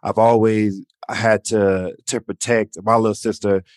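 A man's voice: lowish voice, level tone, measured pace, no room sound, studio quality. A man in his thirties from Atlanta, talking reflectively as a guest and often adding "you know". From Atlanta, USA. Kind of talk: casual conversation.

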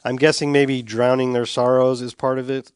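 A man's voice: mid-range voice, level tone, moderate pace, darkish tone, smooth, no echo, studio quality. A middle-aged man co-hosting a sports podcast, reading listener emails and teasing his partner. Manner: reads listener emails aloud, wry teasing. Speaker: podcast co-host. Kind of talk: casual sports podcast chat. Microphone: studio mic with cough button.

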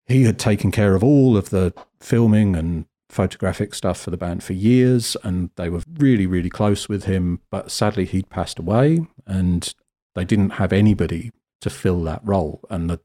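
A British man telling a lively, self-deprecating story as a guest photographer in a casual interview. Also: deep voice, normal speed. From Britain. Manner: animated, self-deprecating, acts out quotes.

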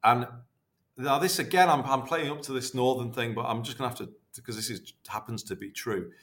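A man, chatting warmly and rambling as a podcast guest, full of restarts. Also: medium pitch, a little fast. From North West England. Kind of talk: casual interview reminiscing.

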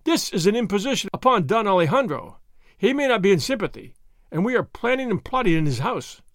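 A man voicing an excitable young nobleman who bursts out with eager cries in a storybook reading. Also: high voice, a little fast, no room sound, clean studio sound, pitched above the performer's own voice, exaggerated voice. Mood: excited. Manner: excited outbursts.

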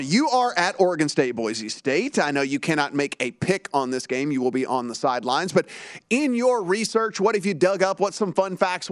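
A man's voice: on the high side, no echo, studio quality. A man hosting a sports betting show in chatty, upbeat sports talk, reading ads and bringing in guests.

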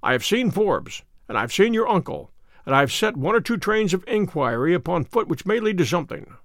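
A man reading the part of a composed, sharp detective in an audiobook, measured and precise. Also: high-pitched, very animated, no echo, clean studio sound. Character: sharp, calm male detective.

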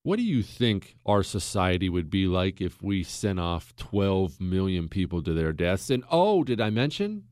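An American man hosting a casual history talk, folksy and emphatic, with his pitch and pace swinging widely as he makes a point. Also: very animated, unhurried, hardly any pauses, darkish tone, no room sound, clean studio sound. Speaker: podcast host.

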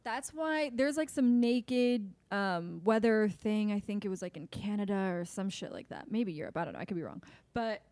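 A woman's voice: medium pitch, lively intonation, moderate pace, darkish tone, no room sound. A woman guesting on a podcast, talking bluntly, swearing freely and laughing often. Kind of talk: casual chat.

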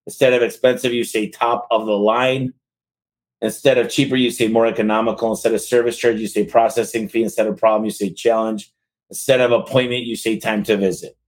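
A man with a slightly low-pitched voice hosts a casual podcast Q&A from an office lined with bookshelves. His delivery is blunt and rapid-fire. When he reads a list aloud, he settles into a steady rhythm. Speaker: podcast host and business owner.

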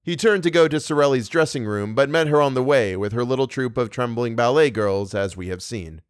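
A man narrating a classic novel in a measured, even reading voice. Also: medium pitch, clean tone, no room sound, clean studio sound. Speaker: audiobook narrator. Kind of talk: scripted narration.

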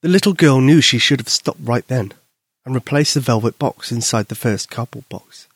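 A man gently and expressively narrating a children's story. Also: mid-range voice, normal speed, slightly rough, no echo, studio quality.

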